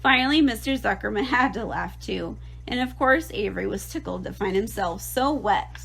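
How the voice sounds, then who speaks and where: A woman teacher reads a children's novel aloud to her class. Her voice sits at an ordinary middle pitch. She gives the story an expressive, lively read-aloud delivery. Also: normal speed, vocal fry, low-quality recording. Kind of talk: reading a children's book aloud.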